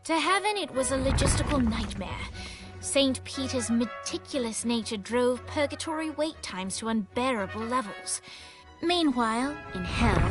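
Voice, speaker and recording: A woman giving scripted narration for a video game in a dry, storybook manner. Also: on the high side. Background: game music.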